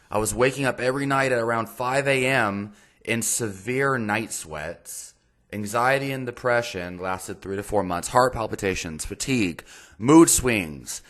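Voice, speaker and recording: Blunt, deep-voiced male fitness host. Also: a bit bright. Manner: blunt, exasperated, swears freely. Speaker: fitness and nutrition channel host. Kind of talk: casual commentary reviewing a viewer's message.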